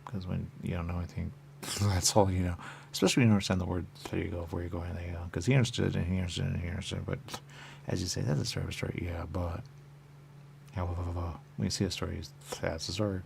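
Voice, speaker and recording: Speaking fast and in a level tone, a deep-voiced male radio host rambles through a studio monologue, his voice gravelly and heavy with creak. He keeps circling back to the same phrases and suddenly jumps to loud bursts, with a slight hiss audible underneath.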